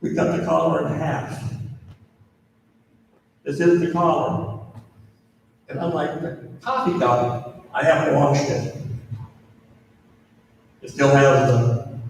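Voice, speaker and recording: A male priest from Minnesota tells a story to a crowd, drawing it out slowly with long pauses and repeated words. His voice sits a little high for a man. It rings through a big reverberant hall from well away from the mic. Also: fairly even intonation, creaky, recorded from a distance, slight background noise. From Minnesota, USA. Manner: slow, deliberate, with dramatic pauses and repetition. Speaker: priest giving a talk. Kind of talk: storytelling speech to an audience. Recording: echoey hall, voice heard from afar.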